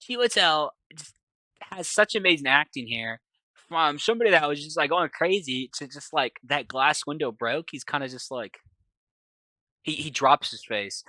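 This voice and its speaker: A film reviewer talking through a scene in loose, filler-packed, profane casual speech. The voice is bright and lively in pitch, recorded dry and close. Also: normal speed, dry recording. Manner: rambling, filler-heavy, profane.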